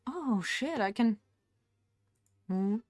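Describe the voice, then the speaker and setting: A woman's voice: on the high side, expressive, very slow, a little mellow, no room sound, clean studio sound. A young woman streaming live from home, chatting casually and rambling while she paints, with frequent laughs.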